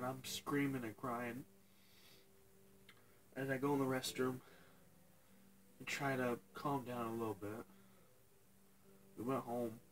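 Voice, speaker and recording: A young man telling a painful personal story to his viewers, halting and tearful, pausing and restarting as he cries. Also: mid-range voice, fairly bright tone, slight background noise, poor audio. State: crying. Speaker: vlogger. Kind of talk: emotional personal story to camera.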